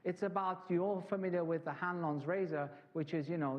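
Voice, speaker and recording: A man's voice: high-pitched, fairly quick, hardly any pauses, highs cut off. Conversational man giving a conference talk. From England. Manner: anecdotal, conversational with asides to the audience. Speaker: conference speaker.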